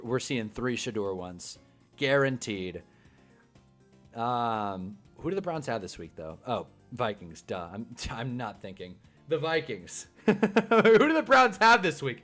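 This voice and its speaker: A young man hosting a casual live stream, ranting about football and reading chat comments, swearing and laughing often. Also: medium pitch. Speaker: livestream host reading chat.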